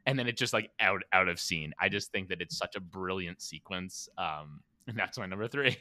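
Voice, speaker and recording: A man's voice: deep voice, brisk, few pauses, pushed and bright, dry recording. A man co-hosting a podcast, chatting casually and enthusiastically retelling movie scenes. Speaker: podcast co-host. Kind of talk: casual chat.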